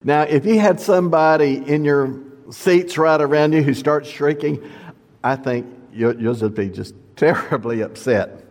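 A man's voice: on the high side, a little slow, a little mellow. A man teaching from the Bible in a sermon, reading scripture and adding plain storytelling asides for his listeners. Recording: long reverb of a hall.

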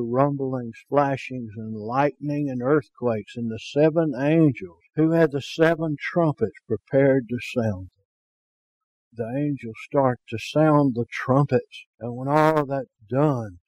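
A man's voice: medium pitch, darkish tone, no room sound. A man preaching a sermon, reading scripture aloud and explaining it in folksy, everyday words, often asking his listeners questions.

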